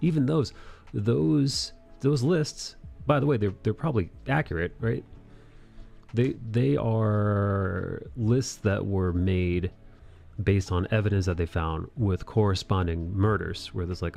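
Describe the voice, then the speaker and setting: A low-pitched man holds a loose, joking conversation on a live stream. He rambles and restarts his sentences. Faint music runs quietly behind him. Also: takes it slowly, gravelly. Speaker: streamer host. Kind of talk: casual chat on a live stream.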